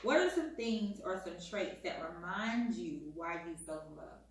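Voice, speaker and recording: A soft-spoken woman, calmly asking questions in a casual chat with her partner. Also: fairly low pitch, normal speed. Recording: echoey room, distant mic.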